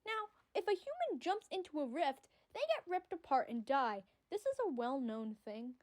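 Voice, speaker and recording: A woman giving casual, excitable fan commentary on a story, rambling and swearing freely. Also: sits high, moderate pace. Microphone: audio-only recording.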